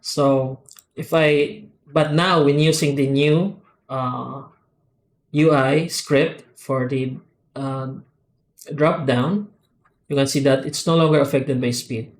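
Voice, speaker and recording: A man at an ordinary middle pitch demonstrates his software add-ons step by step. He speaks unscripted and methodically, breaking off often with "uh" and "um" and starting phrases over. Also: steady tone. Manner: halting, unscripted, with frequent "uh" and "um" pauses and restarts; methodical, explanatory walkthrough. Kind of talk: screen-recorded software tutorial.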